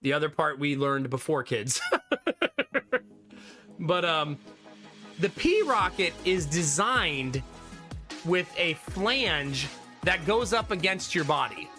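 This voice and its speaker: Bright-voiced man chatting to his stream. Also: a little high, animated, takes it slowly, pauses often, faint music behind. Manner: chatty, laughs often, swears casually. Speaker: live streamer. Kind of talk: casual chat with stream viewers.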